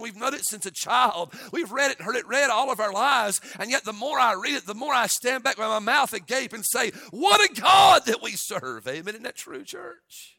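A man's voice: high voice, bright, forceful tone, no room sound, clean studio sound. A middle-aged man, a pastor giving a radio sermon in an earnest, folksy manner with frequent "uh" fillers.

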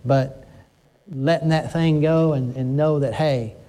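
Earnest older preacher, higher voice. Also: male voice, steady tone, dark tone. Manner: earnest, emphatic, slows words for stress. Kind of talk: conversational sermon.

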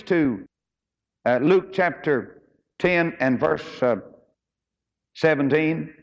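A man preaching a folksy sermon as pastor, rising high and slow when he quotes scripture. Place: church auditorium. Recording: dull recording in a large reverberant hall.

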